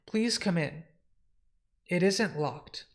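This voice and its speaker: A man's voice: high-pitched, expressive, takes it slowly, heavily acted. A man voicing a polite, formal male solicitor. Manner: courteous, formal.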